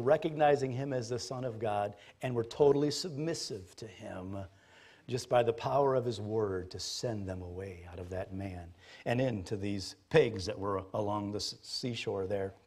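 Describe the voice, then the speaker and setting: A man, a pastor, preaching a sermon in an animated, jokey storytelling manner. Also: medium pitch, moderate pace.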